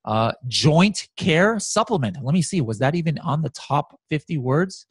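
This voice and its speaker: A man walking through software results on a shared screen in casual talk, animated and excited, with many fillers and restarts. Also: a little high, a little slow, breathy edge, dry recording. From United States. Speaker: guest software expert.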